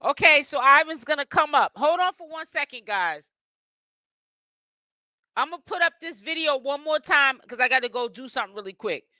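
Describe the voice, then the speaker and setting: Boston-raised male streamer, bright forceful tone, talks straight to the chat. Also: very high-pitched, expressive, moderate pace, no room sound. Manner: chatty, addresses chat and guests directly. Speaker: livestream host. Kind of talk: casual livestream chat.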